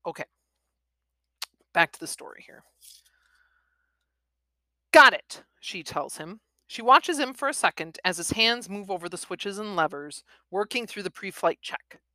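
Bright-voiced woman reading and critiquing. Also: mid-range voice, animated, moderate pace, no echo. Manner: thoughtful, with many fillers. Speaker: reader and writing commentator. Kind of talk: reading a novel aloud with craft commentary.

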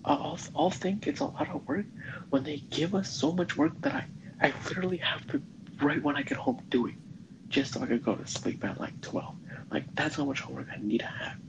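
A teenage student in casual chat, blunt and opinionated, tripping over restarts as they go. The voice sits at a middling pitch. Clear background noise runs under the recording. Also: animated, a little fast, highs cut off. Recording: noisy background.

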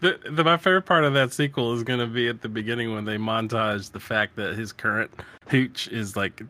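A man's voice: mid-range voice, brisk, sharp tone. A man co-hosting a casual sports talk show, joking and riffing in long comic lists. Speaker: podcast co-host.

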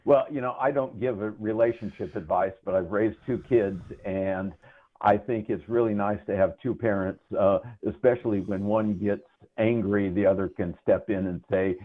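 A man's voice: lowish voice, normal speed. Older man on a tinny call line. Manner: relaxed, rambling with many fillers. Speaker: guest economist and writer. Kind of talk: casual interview talk.

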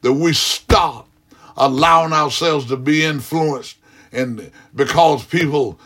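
A man's voice: a little high, slow pace, a bit bright. A man praying aloud as a pastor, fervent and rhythmic, with frequent "hallelujah" interjections. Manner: repetitive, rhythmic preaching cadence. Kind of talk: extemporaneous prayer.

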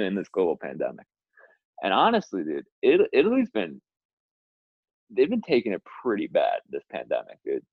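A man's voice: fairly high pitch, no echo. A man co-hosting a podcast in casual chat, laid-back and joking, saying "dude" a lot, on dull lo-fi audio. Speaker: podcast co-host.

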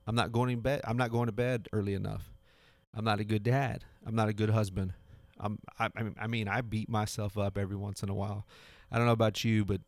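A man's voice: lowish voice, dry recording. A man in his thirties hosting a podcast, talking in a casual, earnest motivational monologue with many restarts. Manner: earnest, repeats himself, restarts often. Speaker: podcast host. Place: home garage.

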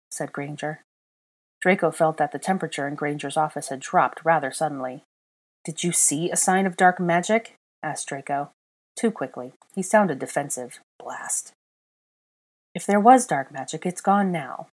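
Low-voiced woman reading a story aloud. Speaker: audiobook reader. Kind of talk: unedited fan fiction read-aloud.

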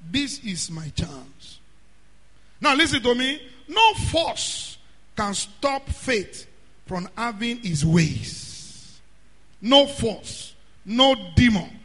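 A man preaching a sermon, often shouting and drawing out words. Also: very high-pitched. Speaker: pastor. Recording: hall reverb.

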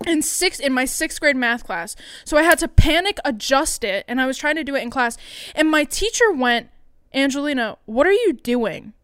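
A woman's voice: high voice, expressive, moderate pace, a bit bright, dry recording, studio quality. A young woman co-hosting a podcast, telling stories in casual chat, laughing often and swearing freely. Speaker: podcast co-host.

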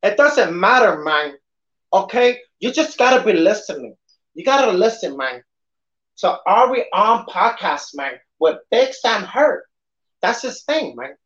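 A man's voice: high-pitched, big pitch swings, measured pace, fairly bright tone, reverberant, pitched above the performer's own voice, full character voice. A man putting on a tough, swaggering gangster impression, with a slight lisp, ending almost every phrase with "man". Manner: says "man" after nearly every phrase. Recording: dull lo-fi podcast audio.

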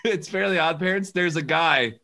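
A man's voice: a little high, moderate pace, creaky, sharp tone. A man co-hosting a casual podcast chat, joking and laughing as he tells stories. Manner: joking, laughs often, storytelling. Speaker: podcast co-host.

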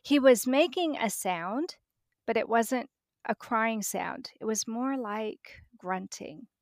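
A woman's voice: on the high side, animated, slow, no room sound, studio quality. A middle-aged woman, a podcast guest, telling a personal story vividly and acting out the dialogue.

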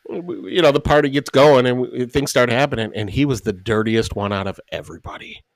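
A man's voice: mid-range voice, brisk, no room sound. Rambling, profane man telling stories. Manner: rambling, profane, full of "like" and quoted dialogue. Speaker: podcast co-host. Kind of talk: casual storytelling chat.

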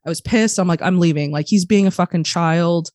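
Woman, young adult, podcast guest, blunt storytelling, acts out dialogue, slightly low pitch, dry sound. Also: a little fast, darkish tone, no room sound. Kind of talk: candid storytelling, lots of swearing.

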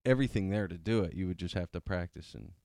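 A young man with a low, smooth voice chats loosely on a podcast, rambling and joking. He often fires off strings of repeated words. The sound is close and dry. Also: quick pace, warm tone, no echo. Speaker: podcast co-host. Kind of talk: casual chat. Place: small home podcast studio.

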